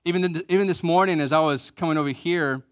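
A middle-aged man preaching a conversational sermon, repeating key phrases for emphasis and joking at his own expense, going soft and low for tender points. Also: fast talker, no room sound, clean studio sound. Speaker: pastor.

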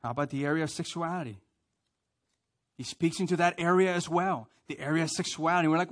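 A man preaching with a fairly high voice, swinging from hushed emphasis to loud, climbing prayers. He leads the congregation in call and response and repeats key lines for them to say back. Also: a little fast. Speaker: pastor. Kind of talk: sermon.

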